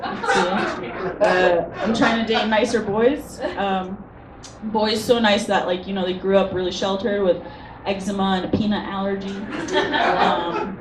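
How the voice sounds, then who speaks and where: A woman in her twenties doing a stand-up comedy set, self-deprecating and hesitant with many ums. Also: medium pitch. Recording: roomy venue from a distance, noisy.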